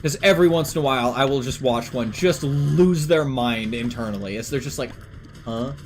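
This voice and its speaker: A man's voice: medium pitch, fairly quick, a little hiss or hum. A young man from Canada chatting casually on a stream, rambling with lots of fillers and swearing. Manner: rambling, filler-heavy and profane. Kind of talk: casual chat.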